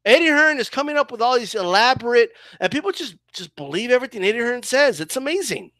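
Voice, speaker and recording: A man rants about boxing in a fired-up voice and keeps asking "okay?" and "right?". His voice is high and bright. It sounds dry and close. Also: very animated, quick pace, no echo. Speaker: boxing commentator. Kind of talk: heated opinion rant.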